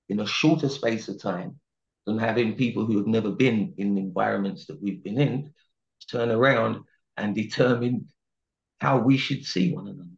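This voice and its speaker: A singer from South London, England, appears as an interview guest and talks earnestly and candidly about growing up, leaning on "you know" and "right?". His voice is fairly low and creaky, and the recording sounds muffled.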